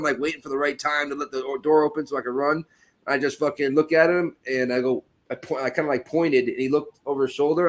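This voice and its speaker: A man co-hosting a casual sports podcast, telling a story in a loose, profane way. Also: on the high side. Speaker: podcast co-host.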